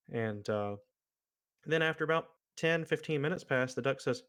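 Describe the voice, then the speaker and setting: A man streaming an online game, chatting casually and telling a long joke with many pauses and fillers. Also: medium pitch, fairly bright tone. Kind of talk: casual gaming chat.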